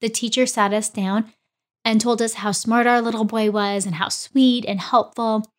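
A woman's voice: fairly high pitch, moderate pace. A woman in her forties, a podcast host, telling a personal story and acting out the dialogue with energy. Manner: animated, acts out quoted dialogue.

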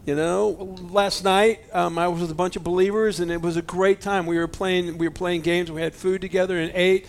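A man preaching a sermon, animated and emotional, swinging between loud exclamations and hushed near-whispers. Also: high-pitched, moderate pace, vocal fry, hardly any pauses. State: choked up with emotion. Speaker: pastor.

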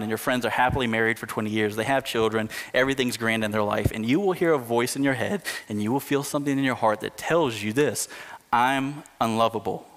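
A man preaching a sermon in an earnest manner, slowing down and lifting his voice for emphasis. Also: medium pitch, fairly bright tone, big-room sound. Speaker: pastor.

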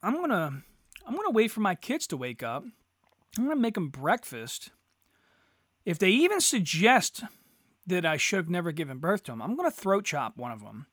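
Foul-mouthed ranting man, high and animated. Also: moderate pace, no room sound, studio quality. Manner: crude, sarcastic, swearing freely. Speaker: podcast host. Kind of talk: profane solo rant.

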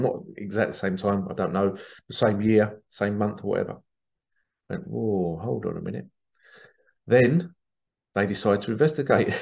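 An English man who hosts a spiritual channel tells a rambling, casual story in monologue, full of restarts and asides. His lowish voice has vocal fry and a slightly mellow quality, and the recording sounds dull and lo-fi.

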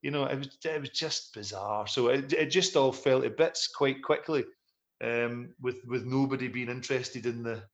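In a casual interview, a middle-aged musician guest looks back on his career, rambling through anecdotes in a self-deprecating way. His voice sits at an ordinary male pitch with a steady tone and moderate pace, and the audio is dull.

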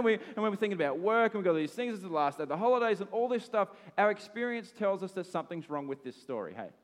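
Australian male pastor, thirties, casual animated sermon delivery, slightly high voice, echoing hall. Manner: animated and conversational, with asides and laughs. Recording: long hall reverb.

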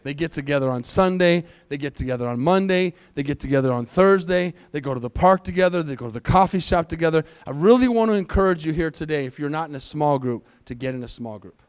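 A man with a high, light voice preaches to his congregation. He drives his points hard with rhetorical questions and slows down to read scripture. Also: lively intonation, smooth. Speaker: pastor. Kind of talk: sermon. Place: church sanctuary.

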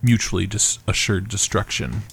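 A man's voice: on the low side, normal speed, creaky, fairly bright tone, a little hiss or hum. A man co-hosting a casual TV recap chat with dry, quippy remarks. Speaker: podcast co-host.

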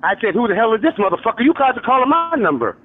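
Agitated man, high lively voice, cursing, tinny phone line. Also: racing. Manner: heated, cursing, insistent. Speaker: prank call target, truck driver.

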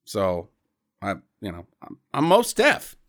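A man's voice: lowish voice, huge pitch swings, slow. A man hosting a podcast, casually retelling a film's plot and slipping into silly voices for the characters. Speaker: podcast host. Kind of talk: casual movie recap chat.

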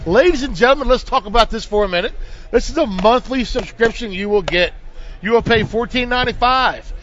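A man's voice: high voice, brisk, fairly bright tone. A man hosting a live show, rambling and joking through a sponsor read at a fishing event. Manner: rambling, jokey, salesman patter. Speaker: show host. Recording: dull lo-fi sound.

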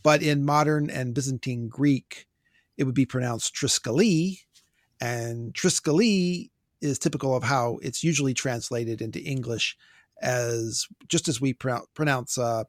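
Male podcast host, mid pitch, dry close sound, wry and wordy, trips on words. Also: unhurried, no room sound. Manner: wordy, stumbles over pronunciations, wry. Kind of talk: casual book discussion, reading listener notes.

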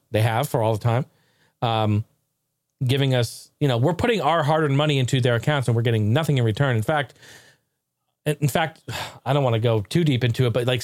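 A man's voice: on the high side, no echo, clean studio sound. A man hosting a casual tech talk show, swearing freely, laughing often and rambling animatedly.

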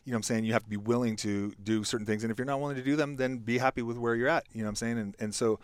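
A man's voice: mid-range voice, fairly even intonation, very fast, smooth, dry recording. A middle-aged man talking as a podcast guest, telling a reflective story with lots of restarts and fillers. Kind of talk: casual podcast conversation.

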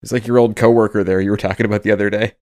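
A man's voice: fairly low pitch, little pitch movement, very fast, a little mellow, no echo, studio quality. A married man co-hosting a podcast, joking and swearing in casual chat and often slipping into silly voices. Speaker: podcast co-host.

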